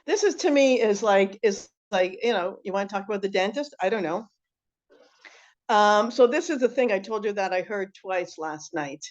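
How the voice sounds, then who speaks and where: A middle-aged woman teaching an informal class, chatty and animated, rambling with many restarts. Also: medium pitch, moderate pace. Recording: muffled lo-fi recording.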